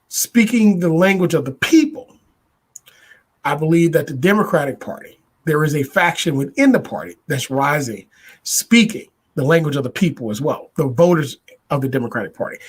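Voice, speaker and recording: A man hosting a podcast, giving a political commentary monologue in a deliberate way, building points with repetition and rhetorical questions. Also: a little high. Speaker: podcast host.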